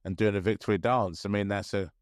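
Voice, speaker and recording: A man in his thirties co-hosting a podcast, with a fairly low voice. He chats casually, laughs often and restarts his sentences. Close, dry mic. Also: steady tone, fast talker, no echo. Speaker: podcast co-host. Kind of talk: casual chat.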